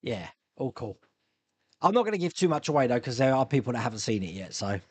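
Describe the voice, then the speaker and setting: A man's voice: medium pitch, big pitch swings, quick pace, a little mellow, husky, dry recording. A man hosting a casual live stream from his home hobby room. He chats, rambles and reads viewer comments aloud. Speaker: live stream host answering viewer questions. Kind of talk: casual chat.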